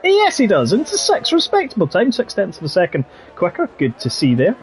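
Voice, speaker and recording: A man's voice: sits high, wildly swooping pitch, a little fast. A man giving live sim-racing commentary in a chatty, jokey way with playful quips. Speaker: race commentator.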